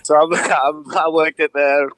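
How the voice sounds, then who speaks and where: A man's voice: on the high side, fairly even intonation, unhurried, a bit bright, no echo, rough recording. A man, a chef, casually telling rambling, sweary stories to an old friend and laughing along. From Durham, North East England. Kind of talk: casual storytelling chat between old friends.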